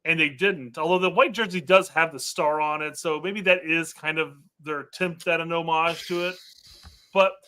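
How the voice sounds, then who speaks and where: A man's voice: fairly high pitch, steady tone, bright, forceful tone, clear, resonant tone. A man co-hosting a soccer podcast, talking casually with many fillers and restarts. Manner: halting, filler-heavy, restarts. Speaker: podcast co-host.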